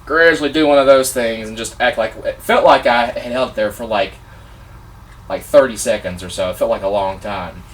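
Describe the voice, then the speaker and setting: A man vlogger telling a personal story in a casual, excitable, animated way, gushing like a fan. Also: medium pitch, moderate pace, distant mic.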